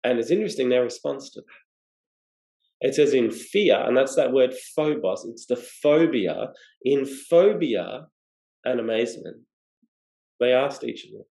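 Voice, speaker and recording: Gravelly man preaching. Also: mid-range voice, expressive, a little slow, dark tone, roomy sound, poor audio. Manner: expository, asks rhetorical questions. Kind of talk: sermon.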